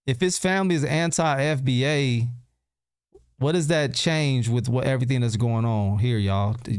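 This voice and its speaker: A man hosts a casual livestream, answering his chat in loose, slangy talk. His mid-range voice is smooth, with clean studio sound and no room sound. He repeats himself and keeps firing rhetorical questions at viewers.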